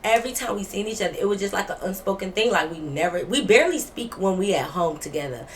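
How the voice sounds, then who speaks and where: A woman vlogger telling a story, animated, blunt and full of profanity. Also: mid-range voice, fast, slight background noise. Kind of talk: storytime vlog.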